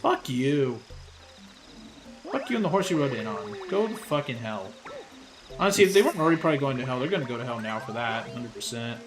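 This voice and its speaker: A young man streams a game and rants to his chat, cursing freely in a casual, chatty way. His voice sits at a middle pitch. Game music plays clearly under his voice. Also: expressive, fast. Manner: profane, ranting, talks to chat.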